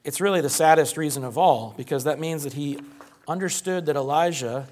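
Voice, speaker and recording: A man's voice: a little high, a little fast, darkish tone. A man, a pastor, delivering a sermon in a conversational, explanatory way, asking rhetorical questions.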